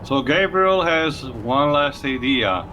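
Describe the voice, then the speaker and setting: Guy narrating a game playthrough, average pitch, game music going loud behind him. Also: animated, slow. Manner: explains the story, laughs often. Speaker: let's play host. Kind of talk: casual game commentary.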